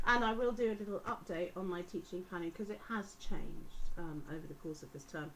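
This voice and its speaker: A woman's voice: on the low side, fairly quick, few pauses, a bit bright, slight background noise, rough recording. A woman, a teacher, talking through a casual vlog complaint in a chatty, sarcastic, exasperated way. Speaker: vlogger.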